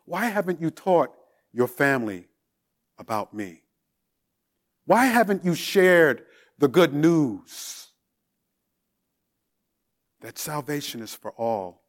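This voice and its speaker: A preacher voicing the Lord, slow and patient. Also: male voice, on the high side, very animated, voice pushed up. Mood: reproachful. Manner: patient, searching questions. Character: the Lord, gentle questioning male deity.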